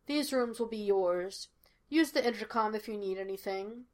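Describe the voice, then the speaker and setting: A woman reading the lines of a very old male butler who speaks slowly, hushed and formal. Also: mid-range voice, close to an everyday voice. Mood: solemn.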